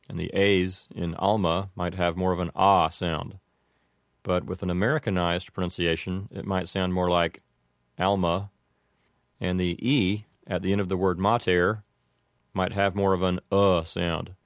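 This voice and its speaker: A very deep-voiced man teaches how Latin phrases are said. He talks in a steady, methodical way and slows down for each example. His voice sounds dry and close, with no room echo. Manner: measured, methodical explanation with slow spelled-out examples. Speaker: language teacher. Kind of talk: explaining Latin pronunciation.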